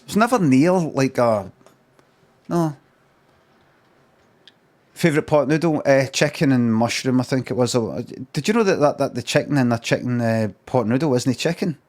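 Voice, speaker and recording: On a live stream, a middle-aged Scottish man rambles through a comic rant, swearing constantly and circling back to repeat himself. His pitch is plain and average, his delivery expressive at a normal speed, with frequent pauses and a slightly mellow quality.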